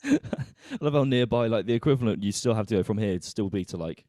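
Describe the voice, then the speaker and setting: Podcast host guy, lowish mellow voice, kinda rambly, dry close sound. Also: lively intonation, brisk, no echo. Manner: rambling, trails off and restarts. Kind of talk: casual podcast chat.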